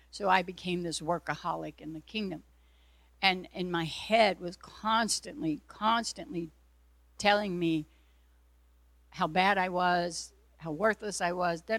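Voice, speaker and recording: A woman's voice: on the low side, creaky, no room sound. A woman preacher giving an earnest sermon testimony, telling her story and acting out her own prayers and God's replies.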